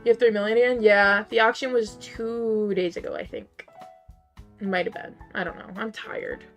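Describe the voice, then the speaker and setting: Chatting casually with her chat while she plays, this female streamer sounds worn and strained from losing. She often spikes into high, incredulous outbursts while responding to viewers. Her intonation stays fairly even at a moderate pace, with faint background music.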